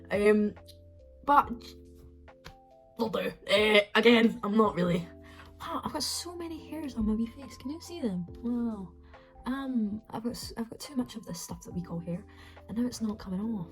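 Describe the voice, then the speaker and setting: A woman's voice: on the high side, poor audio. Young woman, makeup tutorial vlog, rambling and self-mocking, faint music underneath. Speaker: beauty vlogger.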